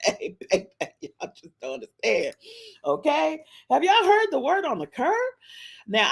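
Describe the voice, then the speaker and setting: A woman hosting a casual live-stream podcast, talking playfully to her chat and calling out meows. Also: mid-range voice. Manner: animated, playful, says meow to the chat; African American Vernacular English speech patterns. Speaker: podcast host.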